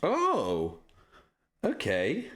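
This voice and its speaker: A man's voice: mid-range voice, huge pitch swings, drawn-out words, a bit bright. A man chatting casually on a live stream while signing prints, self-deprecating and swearing often.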